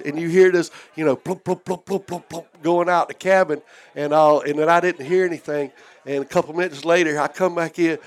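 A man with a drawl tells a long boat story in easy casual chat. His voice sits a little high, and he slips into the voices of the people in his tale. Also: steady tone, brisk. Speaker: former charter boat captain. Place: outdoor deck.

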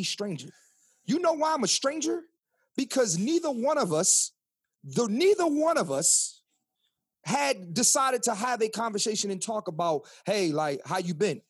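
A man's voice: extremely high pitch, slightly rough, dry recording, clean studio sound. A man in his thirties from Philadelphia, co-hosting a podcast in loose, profane, preachy chat. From Philadelphia, Pennsylvania. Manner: animated, profane, preachy ranting. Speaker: podcast co-host. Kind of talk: casual chat.

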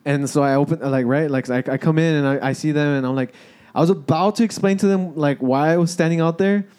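A man's voice: on the high side, fast talker, a little mellow, smooth. A young man telling a story to friends in a casual, rambling way, cursing and restarting often.

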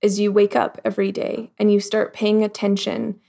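A woman guest in a casual interview, talking reflectively with lots of "like" fillers and acting out the thoughts she quotes in lively voices. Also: mid-range voice, moderate pace, gravelly. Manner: frequent "like" fillers. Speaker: podcast guest.

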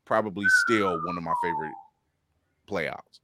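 A man's voice: lowish voice, wildly swooping pitch, moderate pace, heavy background noise. A man co-hosting a podcast in loose, casual chat, swearing freely, laughing often and acting out quotes. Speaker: podcast co-host.

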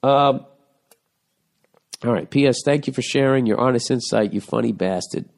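A man's voice: mid-range voice, normal speed, creaky, darkish tone. A man hosting a casual comedic monologue, reading a listener's letter and answering in a blunt, profane, ranting way. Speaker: podcast host giving advice.

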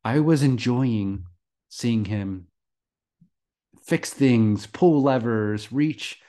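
A man's voice: mid-range voice, very slow. A man co-hosting a podcast, chatting casually about a TV episode and chuckling often. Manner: relaxed, chuckles often, frequent restarts. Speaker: podcast co-host. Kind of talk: casual chat.

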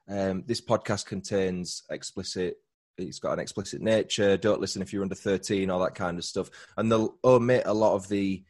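British guest, low-pitched, easygoing and explanatory; a podcaster being interviewed. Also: male voice. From Britain. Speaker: true crime podcaster, guest. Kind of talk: casual interview conversation.

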